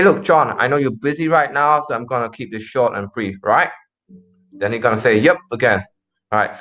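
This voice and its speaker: A man's voice: mid-range voice, fairly bright tone. A man teaching a cold-call sales script in a casual, repetitive way, acting out the phone lines as he goes. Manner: casual, repeats phrases, acts out call lines. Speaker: sales trainer. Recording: slightly dull lo-fi audio.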